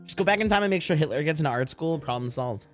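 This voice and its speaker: Animated, rambling male streamer. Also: fairly high pitch, fast talker, faint music behind. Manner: rambling, joking, profane, frequent laughter. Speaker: live streamer. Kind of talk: casual chat to stream viewers.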